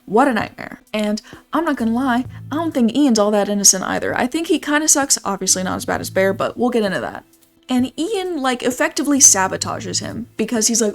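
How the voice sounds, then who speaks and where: A woman's voice: on the high side, expressive, a little fast, creaky, faint music behind. A young woman giving casual, blunt opinion commentary in a slangy, opinionated manner. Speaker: movie commentary YouTuber.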